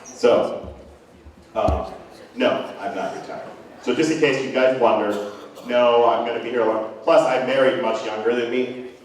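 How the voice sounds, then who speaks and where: A man's voice: mid-range voice, steady tone, unhurried, long pauses, slight background noise. A middle-aged man giving a rambling, earnest, self-deprecating speech to parents as a band director. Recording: echoey hall from far off.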